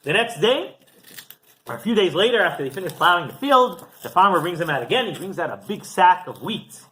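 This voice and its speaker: Animated rabbi telling a parable. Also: male voice, high-pitched, a little fast, poor audio. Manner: animated storytelling with frequent "right?". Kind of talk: Torah class sermon.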